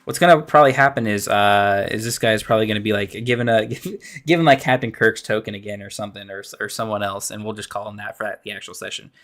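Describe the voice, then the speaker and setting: A man streaming as a dungeon master, thinking aloud while planning a game, halting and trailing off into mumbles. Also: lowish voice, fairly bright tone.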